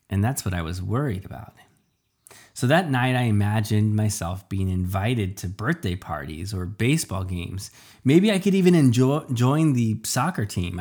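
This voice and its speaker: A man tells a comic first-person story with a dry, deadpan delivery and self-deprecating timing. His voice sits on the low side, and he stammers here and there when the narrator gets nervous. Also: breathy edge.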